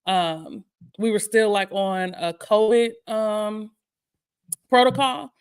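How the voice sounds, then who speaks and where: A woman, a guest co-host telling a candid, lively personal testimony with laughter on a morning talk stream. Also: medium pitch, takes it slowly, smooth. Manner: lively, laughing, acts out her own prayers.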